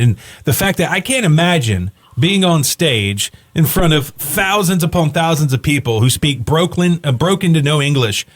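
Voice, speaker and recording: A male morning radio host interviewing a guest in the studio in a friendly, chatty way. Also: fairly high pitch.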